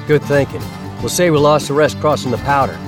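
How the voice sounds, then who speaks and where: A man reading a first-person western story aloud, in a steady, even storytelling manner. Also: mid-range voice, fairly quick. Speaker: audiobook narrator. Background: guitar music.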